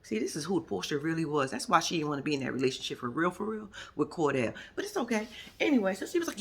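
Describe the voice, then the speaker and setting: A woman talks through a reality episode in a casual vlog. She is sassy and profane, with a very lively pitch that leaps as she acts out what the cast said. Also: fast, slightly rough. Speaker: reality TV commentator.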